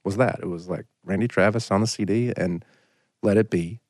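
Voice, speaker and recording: A man in his thirties with a somewhat low voice tells a rambling story on a podcast and fills his sentences with "like". The sound is close and dry, with no room around it. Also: normal speed, a little mellow, dry recording. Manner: rambling, anecdotal, frequent "like" fillers. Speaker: singer-songwriter guest. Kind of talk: casual storytelling in a podcast interview.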